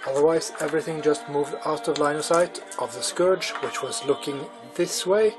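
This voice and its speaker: A man's voice: a little high, brisk, poor audio. A man hosting a tabletop wargame battle report, recapping each turn and questioning his co-player. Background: music.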